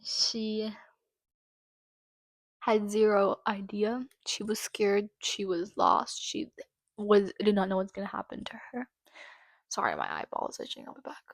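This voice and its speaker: A woman hosting her own channel, reading out trial quotes haltingly and breaking into angry, swearing commentary. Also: mid-range voice, animated, dry recording. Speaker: channel host. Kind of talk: true-crime commentary.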